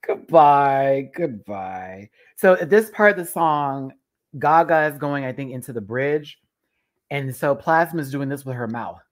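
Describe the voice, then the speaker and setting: Low-voiced woman, rowdy storytelling host. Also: normal speed. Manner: animated, profane storytelling with frequent laughter. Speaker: show host reviewing a TV competition. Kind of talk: casual live stream chat.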